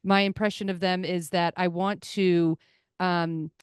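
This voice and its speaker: A woman hosting a podcast, telling animated stories in a casual chat. Her voice sits a little low and sounds smooth and clear. The recording is dry and close. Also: dry recording. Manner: animated storyteller, quick asides and put-on voices. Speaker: podcast host.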